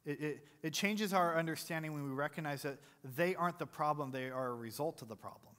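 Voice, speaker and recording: High bright pastor guy preaching, quizzes the crowd, cracks little jokes, big church reverb. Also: fairly quick, clean tone. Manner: conversational, quizzes the congregation with questions; jokey asides between earnest preaching. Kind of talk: sermon. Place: church sanctuary. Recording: long hall reverb.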